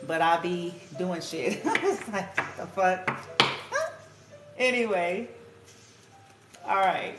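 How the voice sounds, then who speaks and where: A woman giving a casual, chatty spiritual tarot reading, laughing often and swearing casually. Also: fairly low pitch. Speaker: tarot card reader. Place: room at home with music playing. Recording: echoey room with music playing.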